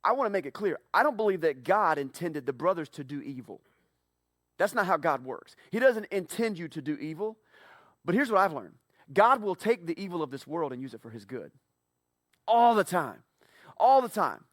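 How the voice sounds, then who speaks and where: A man preaching a sermon as pastor, telling the story with animated swings from hushed to loud. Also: a little high, brisk, no room sound, clean studio sound.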